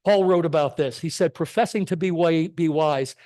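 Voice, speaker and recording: Middle-aged male church speaker, sermon lecture, slightly high voice, punchy and emphatic, keeps asking "okay?". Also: moderate pace, darkish tone. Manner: emphatic, rhetorical questions, frequent "okay?" checks. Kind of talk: sermon-style lecture on science and faith. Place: church sanctuary.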